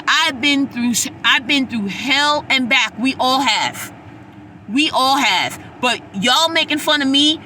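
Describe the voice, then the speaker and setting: Blunt, sassy woman podcaster, bright voice. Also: a little high, animated, unhurried, slight background noise. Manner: blunt, preachy, sassy, swears freely. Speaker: podcast host. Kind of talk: casual monologue.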